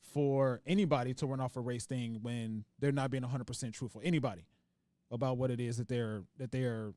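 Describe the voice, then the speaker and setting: A man hosting a podcast in casual conversation. He rambles, backs up and restarts sentences as he thinks aloud. His voice sits in a middle pitch, and the sound is dry and close. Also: a little mellow, no room sound. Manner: reads out viewer comments. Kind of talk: casual discussion.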